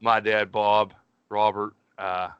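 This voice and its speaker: A Pittsburgh man co-hosting a podcast tells rambling, profane stories in casual chat, constantly calling people "dude." His mid-range voice moves at a moderate pace with a bright, forceful, smooth tone. The recording is dry and somewhat muffled.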